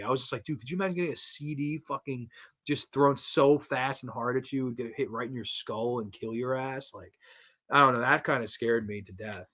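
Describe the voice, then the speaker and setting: A man hosting a casual horror movie review livestream from home, rambling excitedly and swearing a lot. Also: medium pitch, lo-fi sound. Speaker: livestream host. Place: home streaming setup with posters behind.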